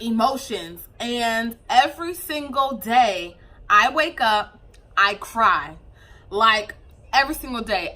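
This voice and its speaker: A young woman vlogging as a new mom, chatting casually to camera with a loose, animated flow and many fillers. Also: a little high.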